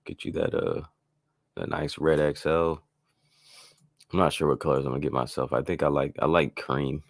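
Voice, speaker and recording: A man's voice: extremely low pitch, fairly even intonation, moderate pace, creaky, no room sound. A man hosting a casual live-stream beat-making tutorial, talking in a loose, rambling way with lots of fillers and restarts.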